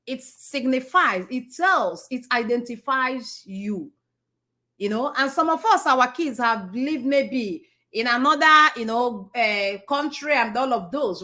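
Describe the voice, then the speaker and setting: A woman's voice: high-pitched, fairly bright tone. A middle-aged woman with a Nigerian accent gives a conversational motivational talk, repeating herself, restarting sentences and asking the audience questions. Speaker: speaker addressing an audience.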